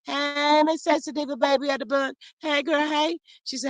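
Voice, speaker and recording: A livestream host in a casual gossip chat, reading out viewers' comments and reacting in a sassy, animated way, often saying "child". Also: sits high, moderate pace, few pauses, no echo.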